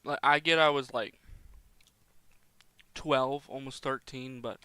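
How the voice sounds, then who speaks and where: Chatty young man, bright crisp voice. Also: mid-range voice, measured pace, pauses often, no echo. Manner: rambling, exasperated, chatty asides. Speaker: gaming YouTuber. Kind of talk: casual gaming commentary.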